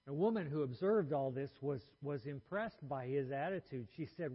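A man giving a sermon in a measured, earnest way, letting his phrases trail off softly, with small restarts. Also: mid-range voice, animated, slightly rough, muffled recording. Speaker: preacher.

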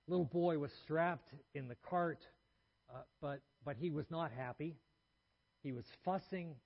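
A man giving a sermon in a measured, earnest way, letting his phrases trail off softly, with small restarts. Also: fairly high pitch, lo-fi sound. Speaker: preacher.

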